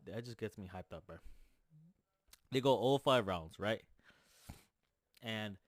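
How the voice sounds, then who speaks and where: A man's voice: mid-range voice, no echo, clean studio sound. A young man ranting hotly about fights, repeating his points and calling everyone "bro". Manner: fired up, repetitive, says "bro" constantly; gets louder for emphasis, repeats points. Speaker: MMA commentator. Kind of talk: heated rant vlog.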